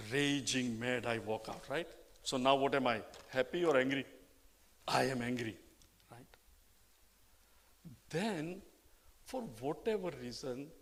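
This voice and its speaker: A man's voice: mid-range voice, fairly bright tone. An older man giving a spiritual discourse, asking rhetorical questions and acting out little dialogues. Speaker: spiritual teacher. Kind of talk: Vedanta scripture discourse.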